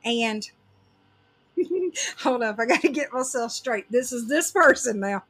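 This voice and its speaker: A woman hosting a casual chat, telling an animated story and laughing through it. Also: a little high, takes it slowly, slightly rough.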